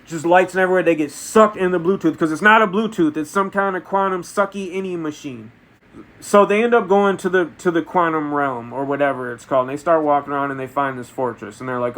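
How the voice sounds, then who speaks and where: Man, film reviewer, deadpan comic storyteller, a bit high-pitched. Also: brisk. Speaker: movie reviewer. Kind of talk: comedic spoken movie review.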